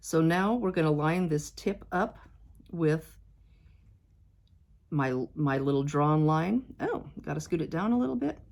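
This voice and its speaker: A woman's voice: sits low, expressive, a little slow, vocal fry, long pauses, darkish tone. A woman quilting vlogger chatting casually to her viewers as she works, fretting and cheering herself on. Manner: chatty, self-doubting, talks to viewers as "you guys". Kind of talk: casual talk-along while sewing.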